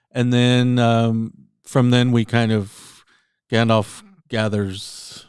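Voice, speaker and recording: A man's voice: on the low side, darkish tone, clear, resonant tone, no echo, studio quality. Easygoing male podcast co-host. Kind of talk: casual chat.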